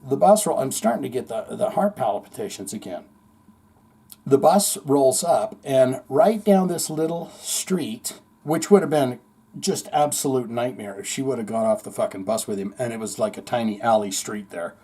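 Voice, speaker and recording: Rambling, cursing podcast host. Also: male voice, medium pitch, normal speed, husky. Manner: rambling, profane, animated storytelling with acted-out quotes. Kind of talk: casual storytelling monologue.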